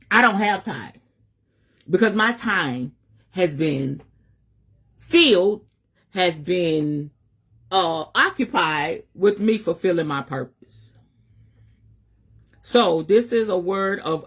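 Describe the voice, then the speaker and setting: Fiery woman preaching with a lively voice. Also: medium pitch, husky. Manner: fiery and emphatic, with a preacher's cadence; African American Vernacular English with salty swearing. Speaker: spiritual advisor. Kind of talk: preaching-style live stream message.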